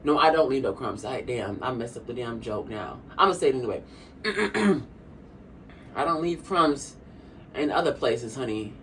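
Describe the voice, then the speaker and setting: A woman's voice: a bass voice, lively intonation, fairly quick. A young woman vlogger chatting casually while eating, sassy and talkative, often calling the viewer honey. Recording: a bit distant from the mic, faint room hum.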